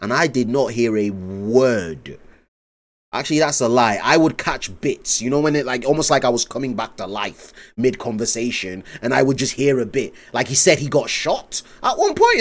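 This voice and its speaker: A man's voice: mid-range voice, sing-song, normal speed. A man streaming live, rambling in casual commentary, swearing and laughing often.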